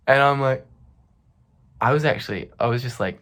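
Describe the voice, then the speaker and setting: A man's voice: moderate pace, pauses often. A man telling a comic storytime monologue on a vlog, laughing and swearing as he acts out the quotes. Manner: animated, laughing, profane, acts out quotes with big pitch jumps. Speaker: vlogger.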